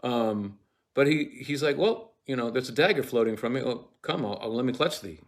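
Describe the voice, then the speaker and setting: A man giving a casual lecture on a play, retelling scenes with profane, lively asides and reciting verse lines, sometimes dropping into a whisper. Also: medium pitch, moderate pace. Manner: casual and profane, many fillers and restarts.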